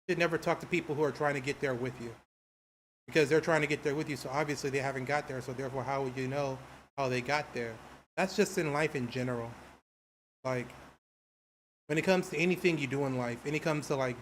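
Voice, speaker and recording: A man's voice: a little high, a little hiss or hum. A man livestreaming while a game downloads, chatting casually, rambling and restarting his sentences, and greeting viewers in chat. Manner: rambling, repeats himself, restarts phrases.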